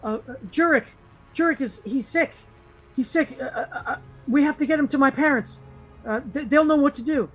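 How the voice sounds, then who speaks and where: A frantic young woman of about twenty pleads through stammers, her voice pushed high, as a game master puts her on. She begs over and over for help. Faint music plays behind. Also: moderate pace, a bit bright, poor audio. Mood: desperate. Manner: tearful, stammering, begging for help.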